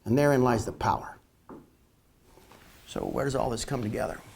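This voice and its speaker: A man lecturing on marketing to online viewers, emphatic and slowing down to stress key words. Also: mid-range voice, expressive, gravelly, a little mellow, slight background noise. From northern Canada. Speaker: marketing educator. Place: Florida, near the beach.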